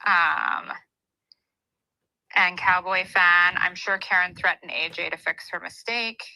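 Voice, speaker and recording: Bright woman reading stream comments. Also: on the low side, fairly even intonation, creaky, poor audio. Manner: quick, questioning, reads out chat. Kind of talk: casual chat.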